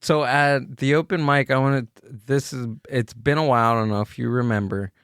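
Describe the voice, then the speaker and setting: Relaxed man asking questions, dry sound. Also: mid-range voice, a little fast, smooth, no echo. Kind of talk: casual podcast chat.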